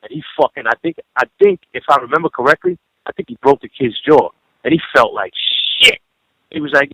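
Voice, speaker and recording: A man's voice: medium pitch, animated, a little fast, sharp tone, breathy edge, dry recording. A man telling rambling, profane stories over a phone call in a casual radio interview, peppering his talk with "you know". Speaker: guest recalling a late friend.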